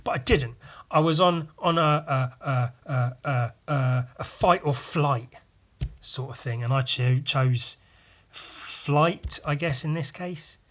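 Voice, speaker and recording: A man's voice: a little high, takes it slowly, fairly bright tone. A young man hosting a solo podcast, telling a meandering story full of swearing, wry asides and frequent fillers. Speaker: podcast host.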